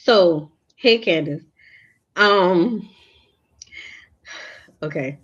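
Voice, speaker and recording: A woman from New Orleans gives an earnest, confiding faith talk and calls her listeners y'all. Her voice sits fairly low. The sound is a dull, lo-fi playback of an old livestream. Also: animated, very slow. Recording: lo-fi replayed livestream audio.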